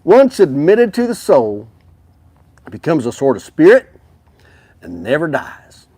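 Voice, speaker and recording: A drawling cowboy voice, as a man puts it on, slow and stretched out. It sits a little high and sounds dry and close. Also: sing-song, mellow, dry recording.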